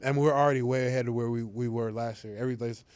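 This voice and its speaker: A young man chats loosely in an interview, his words full of fillers, repeats and easy laughter. His voice sits at an ordinary middle pitch. The sound is dry and close, with no room around it. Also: racing, clear, resonant tone, no room sound. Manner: relaxed, rambling, lots of fillers and restarts, laughs easily. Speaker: football player being interviewed. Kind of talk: casual interview talk.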